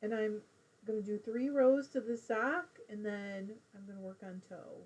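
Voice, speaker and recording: A woman's voice: mid-range voice, measured pace, darkish tone, slightly rough. A middle-aged woman hosting a casual live crafting stream from home, chatting while she knits and reading viewer comments aloud.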